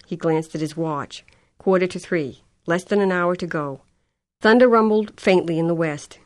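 Measured and even, this woman's scripted narration of a novel comes in a lowish voice. She works as an audiobook narrator.

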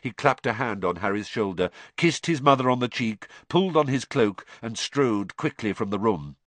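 A man reading an audiobook in scripted narration, telling the story in a steady, expressive way. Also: mid-range voice, normal speed, no room sound.

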